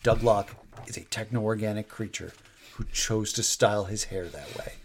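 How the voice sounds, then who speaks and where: A man's voice: fairly low pitch, moderate pace, a little hiss or hum. A man co-hosting a casual podcast chat. His delivery rambles and restarts, with wry asides thrown in. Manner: rambling, wry, self-interrupting. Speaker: podcast co-host.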